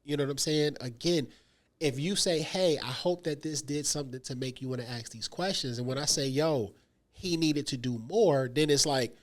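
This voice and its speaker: A man's voice: mid-range voice, moderate pace. A man co-hosting a casual movie review chat, talking emphatically and acting out little quotes. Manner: animated, emphatic, lots of "yo" and acted-out quotes. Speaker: podcast co-host.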